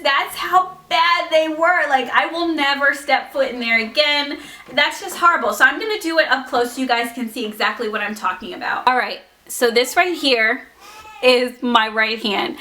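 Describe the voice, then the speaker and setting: Young woman vlogging, fed up and animated, fairly high bright voice. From United States. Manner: exasperated, animated storytelling with laughs. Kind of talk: storytime vlog talking to camera.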